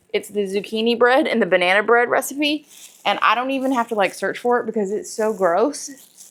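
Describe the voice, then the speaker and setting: A woman, chatting to camera as a home cooking vlogger, talkative and sentimental, her voice going soft when she is moved. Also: on the high side. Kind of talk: casual talk to camera.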